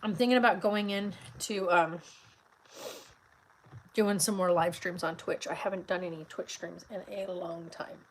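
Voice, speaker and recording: A woman's voice: lowish voice, fairly even intonation, a little slow, slight background noise, rough recording. A middle-aged woman vlogging in a casual, rambling chat, tired and full of fillers, talking from a car.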